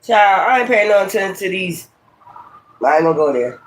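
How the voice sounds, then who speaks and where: A man with a high, expressive voice and a Brooklyn, New York accent talks fairly quickly. He's a tarot reader on a casual livestream, doing a reading while ranting profanely and combatively at his critics.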